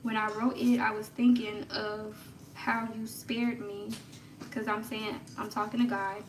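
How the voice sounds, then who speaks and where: A woman casually telling a personal story on a livestream, chatty and laughing often, hushing to a whisper when she retells her prayers. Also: mid-range voice, level tone, unhurried, recorded from a distance. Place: room at home. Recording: echoey room, off-mic, faint background noise.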